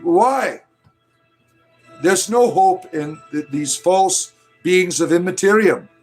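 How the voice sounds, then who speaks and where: A man delivering a parody sermon in a fervent, booming preacher cadence with swooping emphasis, breaking into chuckling asides. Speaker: preacher character host.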